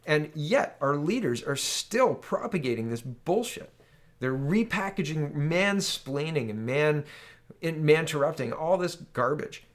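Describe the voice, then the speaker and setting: A Canadian man with a fairly high-pitched voice delivers solo political opinion commentary. He sounds exasperated and rants, often ending his points with "right?".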